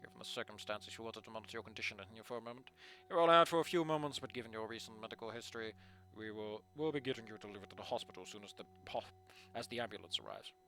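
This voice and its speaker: A man voicing a stern, formal male school official who speaks calmly and in measured phrases. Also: on the low side, slight background noise, voice pushed down.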